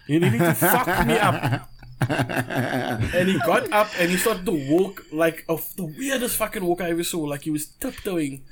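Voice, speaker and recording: A young man with a South African accent, a podcast guest telling stories in a loose, animated way, laughing often and swearing freely. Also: high voice, moderate pace. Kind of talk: casual storytelling.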